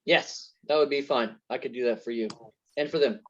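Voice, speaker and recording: A man's voice: medium pitch, moderate pace. A man giving an earnest, faith-centred testimony as an interview guest, telling parables to make his points. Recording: dull lo-fi sound.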